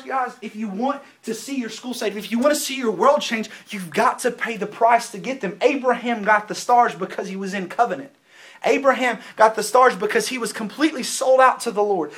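A man's voice: sits high, fairly bright tone. A young man preaching a sermon with fervent, emphatic delivery and many repeated phrases.

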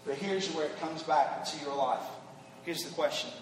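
A man preaching an emphatic youth sermon that repeats its points and builds to shouts. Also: fairly high pitch, moderate pace, reverberant, long reverb tail, slight background noise. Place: large hall with an audience.

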